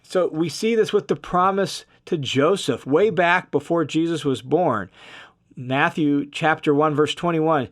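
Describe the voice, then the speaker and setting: Casual, fairly high-voiced male Bible teacher. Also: unhurried. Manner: casual and explanatory, with asides like "right?". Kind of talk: conversational verse-by-verse Bible commentary.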